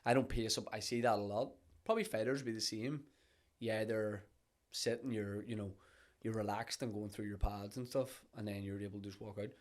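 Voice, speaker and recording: A man's voice: lowish voice, steady tone, fairly quick. A man, a comedian and podcast guest, chatting casually and often repeating words as he starts a thought. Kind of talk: casual chat.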